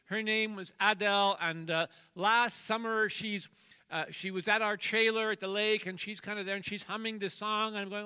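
An older man in his sixties delivers a sermon with a high, very bright voice. He is jovial and self-deprecating, acting out family stories in playful voices. A long reverb trails his words through the church. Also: fairly even intonation, moderate pace, smooth. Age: 60s. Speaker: guest preacher. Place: church sanctuary.

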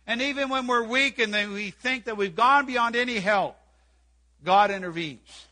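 A man's voice: very high-pitched, moderate pace, sharp tone. An older man preaching an earnest sermon in church, repeating key phrases and quoting scripture. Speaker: pastor.

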